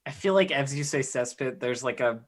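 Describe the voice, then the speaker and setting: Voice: mid-range voice, animated, fairly quick. A player in a tabletop game, chatting casually and joking.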